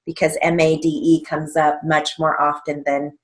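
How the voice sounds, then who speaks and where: A woman's voice: deep voice, little pitch movement, moderate pace. A woman teaching stenography theory. She dictates practice phrases with their punctuation spoken aloud and spells out words letter by letter. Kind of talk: slow dictation of drills with explanations.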